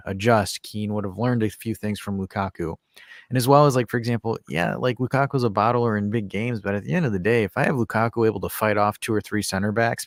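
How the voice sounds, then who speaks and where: A man's voice: lowish voice, no echo, clean studio sound. A man co-hosting a casual podcast, rambling through a football argument with lots of restarts. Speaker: podcast co-host. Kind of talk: casual chat.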